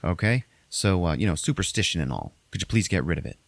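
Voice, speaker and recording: A podcast host recaps a movie plot in loose, profane, casual chat, briefly voicing characters in exaggerated high tones. His own voice is low and gravelly, expressive and fast, recorded dry and close with no echo or room sound.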